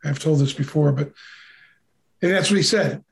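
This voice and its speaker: An older man telling a childhood story in a relaxed, conversational way, acting out the voices of the people he quotes. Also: a little high, normal speed, gravelly. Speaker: podcast co-host. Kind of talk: casual storytelling.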